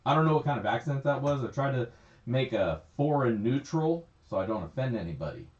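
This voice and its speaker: A man's voice: medium pitch, animated, fairly quick. A man chatting casually on a livestream, rambling, laughing often and swearing freely. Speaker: livestream host. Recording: echoey, slightly dull stream audio.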